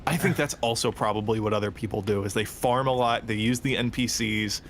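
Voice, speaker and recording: A man's voice: lowish voice, fairly quick, a little hiss or hum. A man co-hosting a game stream, bantering and swearing with laughs. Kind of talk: casual game commentary.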